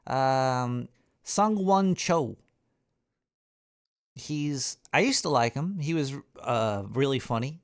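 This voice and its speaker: A man's voice: mid-range voice, expressive, slow, pauses often. A man hosting a talk show, ranting in a rambling, profane way with frequent stammering and restarts. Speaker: radio show host.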